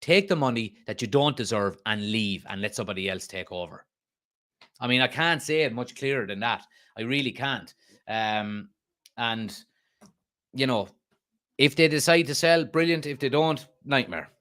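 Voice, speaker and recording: A man's voice: medium pitch, normal speed, fairly bright tone. Irish man ranting on a fan stream. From Ireland. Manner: conversational, frequent restarts and fillers, emphatic outbursts. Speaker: fan channel host. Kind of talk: live-stream fan chat reading comments.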